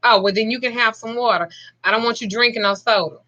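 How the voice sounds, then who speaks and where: Chatty Southern woman, 40s, forceful bright tone, plain-spoken vlogger. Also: fairly high pitch, steady tone, quick pace, lo-fi sound. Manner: chatty, blunt, swears freely. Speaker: spiritual practitioner. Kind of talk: casual vlog chat.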